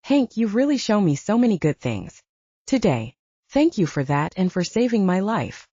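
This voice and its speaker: A woman voicing a gentle, sheltered young woman from another realm, speaking softly and with delight. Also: medium pitch, very animated, moderate pace, no echo, lo-fi sound. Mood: grateful. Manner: soft, wide-eyed and delighted.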